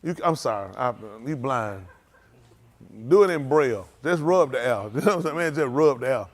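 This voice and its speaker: An animated man with a medium-pitched voice leads a congregation at a moderate pace. Casual and playful, he teases and jokes as he names and greets the viewers watching the livestream.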